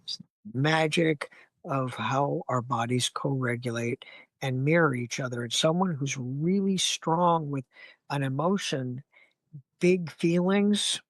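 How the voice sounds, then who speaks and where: Man, therapist guest, fairly high voice, animated, blunt, acts out heated exchanges, dry close mic. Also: dry recording. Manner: animated, acts out angry scenarios with profanity. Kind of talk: conversational interview.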